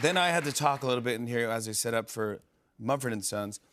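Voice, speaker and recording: Sex: man. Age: 40s. Role: talk show host. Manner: excitable, rambling, jumps into impressions. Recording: television studio, light background noise. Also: medium pitch, a crowd in the background. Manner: excited, rambling anecdotes with fillers and quick impressions. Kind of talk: animated storytelling on a talk show.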